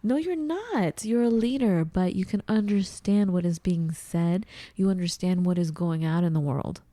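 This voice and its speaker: Deep, mellow-voiced woman co-host. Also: normal speed, dry recording. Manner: animated, acts out her own confused voice. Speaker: podcast co-host. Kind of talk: casual chat. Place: at home.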